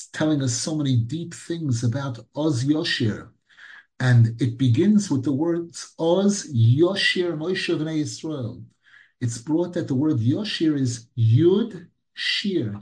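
A man teaching a Torah class as a rabbi, mixing Hebrew terms into English and rising to high, emphatic questions when he quotes. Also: darkish tone, poor audio. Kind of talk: animated Torah lecture.

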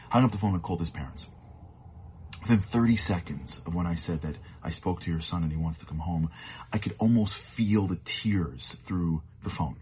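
A man giving a short, earnest sermon as a storyteller, sometimes dropping to hushed tones for emphasis. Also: low-pitched, moderate pace, husky.

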